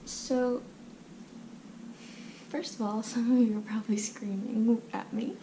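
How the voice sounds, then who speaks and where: A young woman hosts a casual personal chat, keeping her voice hushed and often half-whispered. She takes her time with an unhurried pace and a soft, warm timbre, and she rambles with frequent fillers. A faint hiss sits behind her. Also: a little high, steady tone, rough recording. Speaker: channel host. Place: at home, someone asleep next door.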